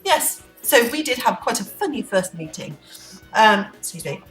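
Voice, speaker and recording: A woman's voice: mid-range voice, sing-song, normal speed, fairly bright tone. A woman chatting to camera in a vlog at home, unplanned, rambling and playful. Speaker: vlogger. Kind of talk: unplanned casual chat to camera. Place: room at home. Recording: echoey room, distant mic, faint music.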